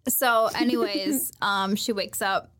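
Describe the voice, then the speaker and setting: A woman's voice: medium pitch, fairly even intonation, slow pace, fairly bright tone. A young woman co-hosting a podcast, rambling through an episode recap with lots of "like" and "um", breaking into giggles and swearing. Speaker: podcast co-host. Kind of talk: casual chat, retelling an episode.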